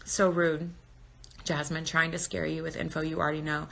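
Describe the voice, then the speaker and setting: A woman in her thirties talks straight into her phone on a live stream, frank and chatty as she answers viewers. Her voice sits a little low but rings bright and forward. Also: flat delivery, normal speed, vocal fry. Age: 30s. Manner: candid, talkative, reads comments aloud. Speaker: birth educator on Instagram live. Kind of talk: casual live-stream chat.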